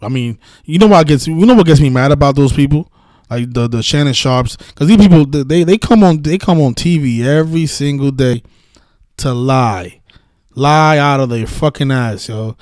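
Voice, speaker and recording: A man's voice: mid-range voice, moderate pace, darkish tone, no echo. A man hosting a casual live-stream about sports betting, talking in a heated, profane, rambling way with many restarts. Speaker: sports betting video host.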